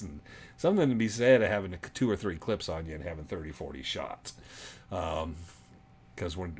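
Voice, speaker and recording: Deep-voiced rambling Arizona man, casual. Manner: rambling, chatty, many ums. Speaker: livestream host. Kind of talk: casual livestream chat.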